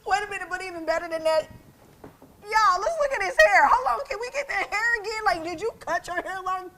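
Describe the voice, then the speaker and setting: A woman's voice: extremely high pitch, animated, fairly quick, noisy background. A woman from the American South co-hosting an entertainment chat show, teasing and laughing. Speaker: co-host.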